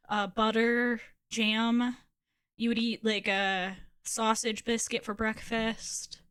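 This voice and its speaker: Woman streamer from Ohio, casual gaming chat, giggly and foul-mouthed, a touch high-voiced. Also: fairly bright tone. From Ohio, USA. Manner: giggly, chatty, swears casually.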